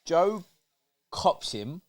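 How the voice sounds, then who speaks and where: Animated British man bantering. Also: a little high, very slow. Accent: British English. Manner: animated, joking, sweary. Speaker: co-host. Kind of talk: casual fight watchalong banter.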